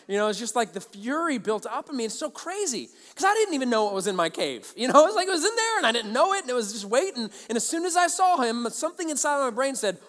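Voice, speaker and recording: A man preaching a sermon as a pastor, telling stories in an animated way and acting out both sides of conversations. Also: sits high, quick pace, big-room sound. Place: large church auditorium.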